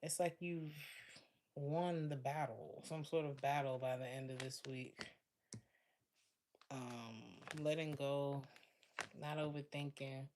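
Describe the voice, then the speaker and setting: A woman's voice: extremely low pitch, a little mellow, a little hiss or hum. A woman giving a casual tarot reading to her viewers, chatty and laughing often, talking straight to her listeners. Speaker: tarot reader.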